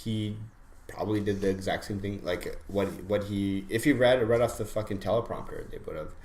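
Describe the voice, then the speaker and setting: A man's voice: lowish voice, brisk, a little mellow. A young man co-hosting a casual podcast who talks in a rambling, profane way, full of fillers. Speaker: podcast co-host. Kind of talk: casual chat. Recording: roomy echo, faint background noise.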